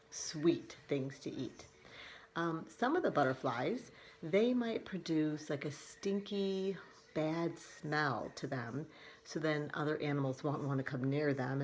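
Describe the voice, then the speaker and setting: A woman preschool teacher reading aloud and explaining a lesson to young children in an animated way. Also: low-pitched.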